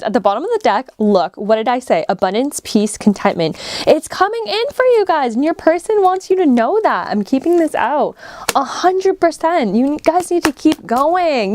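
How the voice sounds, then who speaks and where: A woman giving a casual pick-a-card tarot reading, excitable and quick to laugh, talking straight to her viewers, her voice a little worn. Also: high voice, no echo. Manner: excitable, laughs often, addresses viewers directly. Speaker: tarot reader. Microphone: camera on table while shuffling cards.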